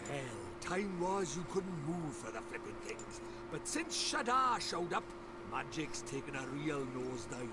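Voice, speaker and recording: A man's voice: on the high side, very animated, a little slow. An actor voicing a cheeky, chatty little male fairy sidekick with a Welsh accent, in video game dialogue, bossy and sing-song. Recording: game audio with loud background noise.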